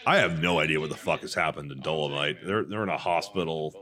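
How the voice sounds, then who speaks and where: A man co-hosting a podcast, chatting casually over a movie in a crude, meandering, halting way. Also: very deep voice, sharp tone. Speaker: podcast co-host.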